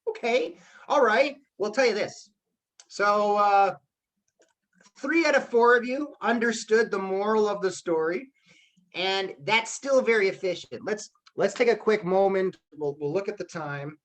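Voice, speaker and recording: A male teacher leading a live class over a video call. He talks in a loose, chatty way and keeps checking in with his students with a quick "okay?". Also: high-pitched, a bit bright. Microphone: computer mic on a video call.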